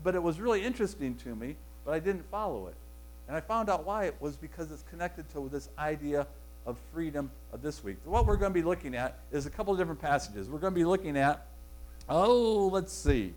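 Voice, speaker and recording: A man's voice: fairly high pitch, lively intonation, brisk, a little mellow, a little hiss or hum, rough recording. A man preaching a sermon in a conversational, rambling way, often correcting himself mid-sentence. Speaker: pastor.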